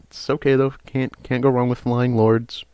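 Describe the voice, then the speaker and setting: A young man casually reviewing trading cards, rambling with frequent hesitations and sudden bursts of excitement. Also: mid-range voice, normal speed, clear, resonant tone, dry recording. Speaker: card game channel host.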